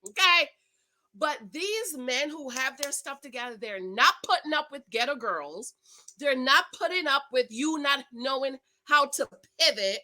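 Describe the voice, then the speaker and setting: A woman's voice: high voice, lively intonation, unhurried, sharp tone, poor audio. A middle-aged woman, chatting casually as a show recap host, emphatic and preachy, talking straight to her viewers. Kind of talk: casual chat.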